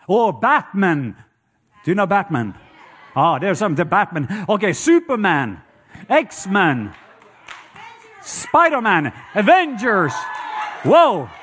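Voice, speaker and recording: A man's voice: high voice, big pitch swings, slow pace, pauses often, fairly bright tone. A man with a Norwegian accent preaching a sermon, telling stories and joking with the congregation. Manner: storytelling, playful asides to the congregation.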